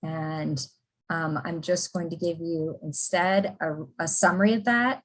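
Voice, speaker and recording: Slow, husky middle-aged woman teaching. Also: low-pitched, steady tone, poor audio. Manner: explains patiently, with frequent ums and restarts. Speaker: psychology professor leading a workshop. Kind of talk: conversational workshop lecture.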